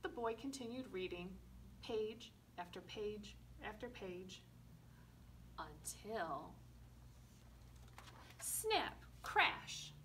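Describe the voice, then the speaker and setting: A woman librarian reading a picture book aloud at a children's storytime, slow and expressive with playful asides. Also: medium pitch. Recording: distant mic with faint room noise.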